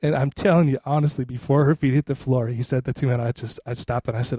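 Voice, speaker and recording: A man's voice: mid-range voice, steady tone, quick pace, hardly any pauses, dark tone, dry recording, studio quality. A middle-aged man, a pastor, preaching a sermon in a loose, conversational way, often checking in with the congregation. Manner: conversational, repeats "right?" to the congregation.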